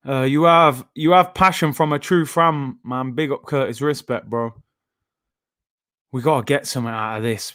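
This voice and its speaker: A man, hosting a live football watchalong with frustrated, animated outbursts at the play. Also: medium pitch. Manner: frustrated, animated fan reactions, loud outbursts. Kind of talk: live match watchalong reaction.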